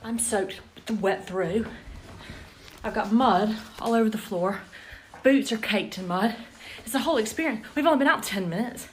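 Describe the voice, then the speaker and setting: A woman's voice: medium pitch, a little slow, slight background noise. A woman from Georgia, chatting casually to camera as a vlogger and asking her viewers playful questions, with the odd curse. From Georgia, USA.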